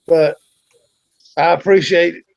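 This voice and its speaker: A man's voice: a little high, fairly even intonation, a little slow, creaky. A man in a casual chat, stopping and repeating himself as he talks. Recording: dull, lo-fi mic.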